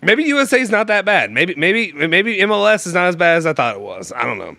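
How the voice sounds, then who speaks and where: A young man hosts a loose, joking stream chat, rambling through restarts. His voice is bright and swings widely in pitch. It sits close and dry on the mic. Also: very animated, brisk, vocal fry, no room sound. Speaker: show host. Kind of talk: casual live-stream chat.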